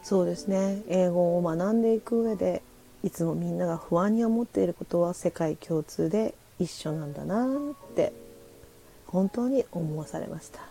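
A woman's voice: lowish voice, fast talker, gravelly, dark tone, low-quality recording. A woman with a Japanese accent, hosting a casual live audio chat, talking with lots of fillers and switching between English and Japanese. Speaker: host.

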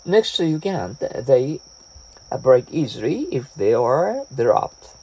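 Male English teacher, slow and halting, lively up-and-down delivery, lots of fillers. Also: medium pitch, slightly rough, poor audio. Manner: hesitant, frequent "uh" fillers and restarts. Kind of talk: reading example dialogues for an English lesson.

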